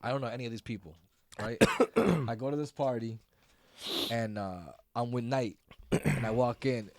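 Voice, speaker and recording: A man's voice: mid-range voice, moderate pace, a little mellow, no echo. Man, podcast host, casual and profane, laughs a lot, mid voice, dry close mic. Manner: loose, profane storytelling, laughs often. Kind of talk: casual chat.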